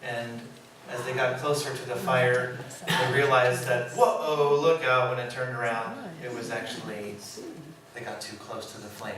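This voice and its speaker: A man who works as a puppeteer, giving an informal, animated storytelling talk and laughing often as he acts out quotes. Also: mid-range voice, unhurried, a crowd in the background. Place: presentation room. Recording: echoey room, mic far, background noise.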